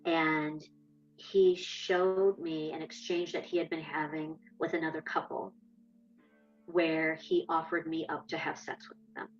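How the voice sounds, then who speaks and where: A woman's voice: deep voice, flat delivery, a little slow, lo-fi sound, faint music behind. A woman candidly recounting her own experience in an interview, acting out the lines of past conversations. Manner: candid, reenacts dialogue. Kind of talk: personal testimony.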